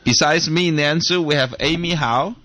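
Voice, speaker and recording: A man co-hosting a radio talk show, speaking haltingly with many fillers. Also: on the high side, bright, forceful tone. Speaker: radio co-host.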